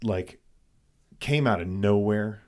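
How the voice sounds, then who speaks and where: Lower-pitched man telling a lively story. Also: slow pace. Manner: animated, swearing, restarts when storytelling. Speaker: podcast co-host. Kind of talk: casual storytelling chat.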